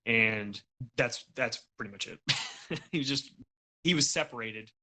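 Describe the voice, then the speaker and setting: A man's voice: mid-range voice, unhurried, sharp tone. A man hosting a casual gaming podcast, leading the talk and explaining things in an easygoing, patient way. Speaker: podcast host. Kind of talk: casual chat.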